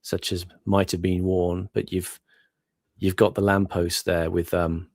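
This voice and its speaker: A man with a very low voice, musing as a guest in a relaxed chat. He wanders through thoughts with plenty of asides and "you know"s. The sound is dry and close on the mic. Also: unhurried, dry recording. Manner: musing, meandering with many asides. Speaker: guest commentator. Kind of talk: casual chat.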